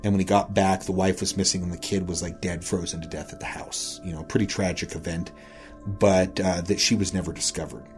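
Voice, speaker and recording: A man's voice: low voice, flat delivery, a little fast, soft background music. A man casually retelling a local ghost story he heard, rambling along with frequent "he said" and "you know" asides.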